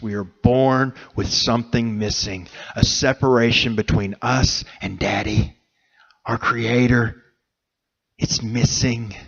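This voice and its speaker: A man delivers a slow, heartfelt sermon in a church, letting long pauses fall between his phrases. His voice sits at a middle pitch, and the recording sounds dull and lo-fi. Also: fairly bright tone. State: emotional, choked up. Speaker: preacher. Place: church sanctuary.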